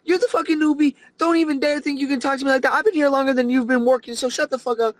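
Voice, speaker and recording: Angry young woman coworker going off, as the Texan host plays her, heated and loud, a bit higher. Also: steady tone, fast, no echo, lightly acted. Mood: furious. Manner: heated, shouting.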